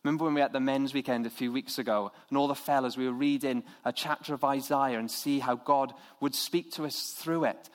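A man's voice: mid-range voice, brisk, hardly any pauses. A man preaching an earnest, conversational sermon to his church. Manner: earnest, conversational, with lively imitated voices.

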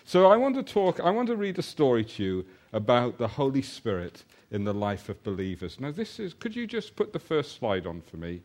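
Lively man preaching a sermon. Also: mid-range voice. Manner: animated storytelling, slows for emphasis. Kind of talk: sermon with personal story.

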